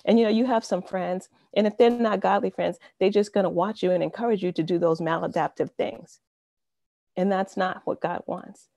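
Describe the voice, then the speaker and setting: A woman's voice: medium pitch, fairly even intonation, normal speed, vocal fry, dark tone, no room sound. A woman in her fifties giving an earnest, conversational faith testimony over a video call, often saying "you know". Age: 50s. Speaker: speaker sharing a testimony.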